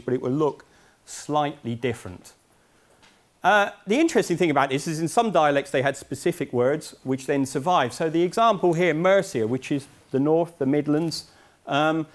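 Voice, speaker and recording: A man from Essex with an English accent giving a university lecture in a lecture hall, chatty with wry asides. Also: on the high side. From Essex, England.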